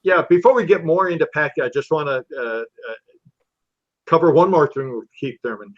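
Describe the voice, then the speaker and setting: A man hosting a relaxed boxing recap show, talking in an easygoing way with lots of fillers. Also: on the high side, a little fast, no echo. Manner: easygoing, filler-heavy, agreeable. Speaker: podcast host. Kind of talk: casual boxing recap chat. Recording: dull dry lo-fi sound.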